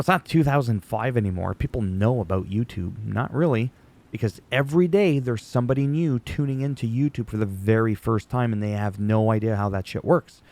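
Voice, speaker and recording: Gravelly sarcastic man ranting. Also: medium pitch, a little mellow. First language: French. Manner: sarcastic, profane, rambling. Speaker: wrestling recap YouTuber. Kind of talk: ranting casual commentary.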